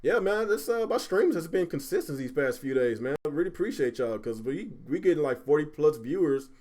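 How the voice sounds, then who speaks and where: A man hosting a casual gaming livestream, animated and quick to swear when riled up. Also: a little high. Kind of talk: casual chat.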